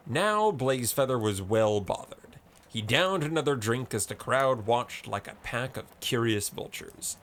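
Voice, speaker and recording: A man narrating an audiobook story in a measured, descriptive way. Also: mid-range voice, sing-song, a bit bright.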